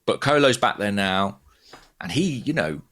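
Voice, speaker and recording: A man's voice: fairly low pitch, very animated, moderate pace, bright, forceful tone. A man in his thirties, from England, co-hosting a casual chat with emphatic, thinking-aloud talk. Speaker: podcast co-host.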